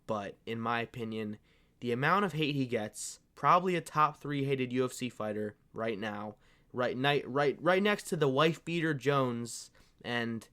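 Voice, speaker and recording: A man's voice: medium pitch, a bit bright, clean tone. A man hosting a fight-sports commentary channel, ranting casually in a profane, fired-up, rambling way and calling his viewers "bro". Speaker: MMA commentary channel host. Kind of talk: casual opinion rant.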